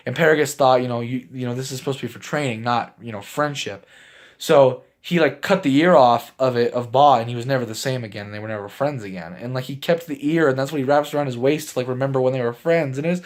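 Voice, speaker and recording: A man casually recapping a movie for his channel, rambling with lots of fillers and breaking into laughs as he gets excited. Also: mid-range voice, fast talker. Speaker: movie reviewer.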